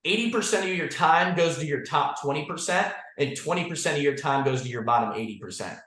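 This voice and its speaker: Guy with a higher voice giving his sales team a blunt pep talk, lots of "like" and "guys", swears a lot, roomy echo. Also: animated, brisk, a bit bright. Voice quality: blunt, profane, says "like" and "guys" often. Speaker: insurance agency leader. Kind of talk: motivational team call talk.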